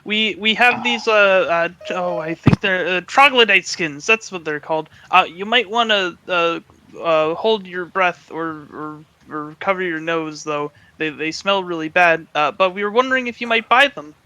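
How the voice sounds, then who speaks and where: A man's voice: high voice, moderate pace, bright, forceful tone, no echo, pitched above the performer's own voice, low-quality recording. A man voicing a cheery, naive young girl adventurer who stammers eagerly in a tabletop game. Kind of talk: tabletop role-play over voice chat.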